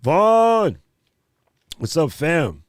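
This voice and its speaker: A man's voice: fairly high pitch, very slow, dry recording, clean studio sound. A man hosting a live stream Q&A, chatting casually and animatedly with viewers in slang. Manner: animated, slangy, talks straight to chat viewers.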